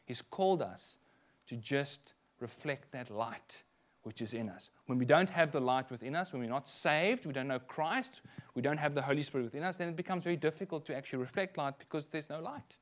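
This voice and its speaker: A middle-aged South African minister with a South African accent preaches a sermon, his voice on the high side and fairly quick. He tells lively personal stories packed with frequent asides.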